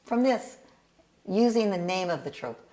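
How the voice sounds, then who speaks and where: A woman's voice: mid-range voice, lively intonation, unhurried, dark tone. A woman who tutors bar and bat mitzvah students in cantillation, patiently explaining her teaching method and singing short examples.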